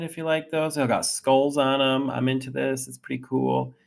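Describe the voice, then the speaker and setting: A man's voice: mid-range voice, little pitch movement, moderate pace, vocal fry, hardly any pauses. A man hosting a casual call-in radio show, chatting in a rambling, upbeat way and reading things aloud. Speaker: host.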